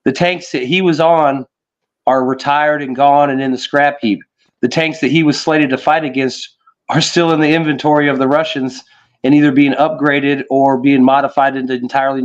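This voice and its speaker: A man's voice: medium pitch, level tone, fairly quick. A man in casual political chat, talking in a loose, rambling way with frequent fillers and casual swearing. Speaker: podcast co-host. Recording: slightly dull lo-fi audio.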